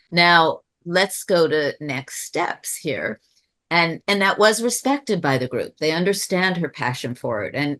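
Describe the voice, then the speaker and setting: Low-voiced woman telling a spiritual story. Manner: reflective, spiritual, rambling with restarts. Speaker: webinar speaker. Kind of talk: personal storytelling on a webinar. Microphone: video call.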